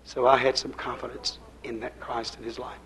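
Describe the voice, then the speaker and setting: An older man preaching a sermon. He swings between loud, pushed lines and hushed, quiet ones. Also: mid-range voice, little pitch movement, moderate pace, low-quality recording. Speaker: pastor.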